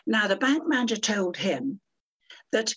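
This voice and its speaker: Older lady spinning a yarn, raspy voice that swoops up and down, very theatrical. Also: mid-range voice, big pitch swings, measured pace, a bit bright, lo-fi sound. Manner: dramatic, theatrical storyteller. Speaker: guest. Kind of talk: storytelling interview.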